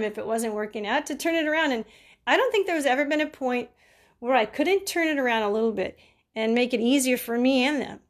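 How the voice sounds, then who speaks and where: Middle-aged woman caregiver, chatty storyteller who laughs a lot and mimics people, slightly high voice. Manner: chatty, laughs often, acts out quoted people. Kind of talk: casual advice talk with personal stories.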